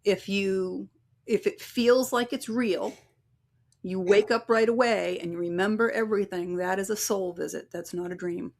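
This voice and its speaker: A woman with a mid-range voice and fairly even intonation appears as a guest on an interview podcast, speaking at normal speed. A psychic medium and relationship coach, she tells stories in a chatty way and acts out the voices of the people in them.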